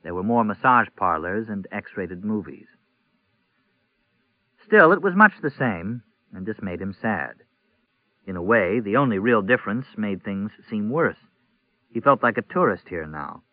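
A man narrating a novel in an even, measured reading. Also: on the low side, no room sound. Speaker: audiobook narrator. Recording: tinny phone-like audio, dry.

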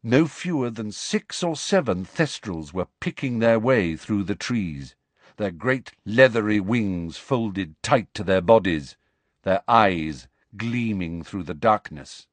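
A male audiobook narrator with a lively, animated delivery and a mid-pitched voice. The reading is dry and close, with no room sound. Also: takes it slowly, no room sound. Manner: expressive storytelling. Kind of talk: scripted narration.

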